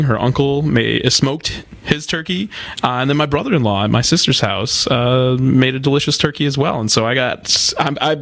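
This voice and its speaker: A man's voice: on the high side, gravelly, fairly bright tone. A man hosting a local talk radio show, reading station IDs and chatting casually with his co-host. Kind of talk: casual on-air banter.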